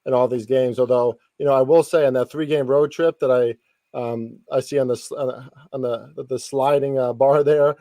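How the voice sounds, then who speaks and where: A man's voice: medium pitch, steady tone, warm tone, no room sound. A man chatting as a guest sports analyst, often restarting and filling his sentences with ums. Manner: halting, many restarts and fillers. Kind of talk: casual podcast chat.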